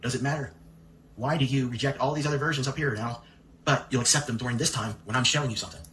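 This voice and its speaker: A man's voice: medium pitch, steady tone, fast talker, fairly bright tone, slight background noise. A man hosting a commentary video, reading out a letter and firing off pointed rhetorical questions. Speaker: commentary channel host. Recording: echoey room.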